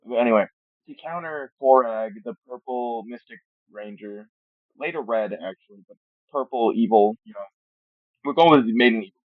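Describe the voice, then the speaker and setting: A man's voice: mid-range voice, normal speed, no room sound. A man hosting his channel in a casual, rambling way, full of joking asides and stumbles, tired from filming late at night. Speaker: channel host. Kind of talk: casual commentary on a fan game roster. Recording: tinny phone-like dry mic.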